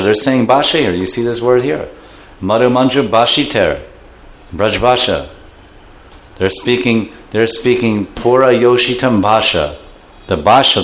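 A man giving a scripture class, explaining terms and acting out voices. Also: mid-range voice. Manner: animated, acts out voices while explaining terms. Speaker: scripture teacher.

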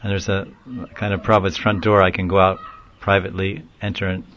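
A man telling a long story in a casual, rambling way, often laughing and getting animated when he quotes people. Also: low voice, quick pace, dull audio. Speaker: speaker recounting a story in a class. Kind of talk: informal storytelling talk.

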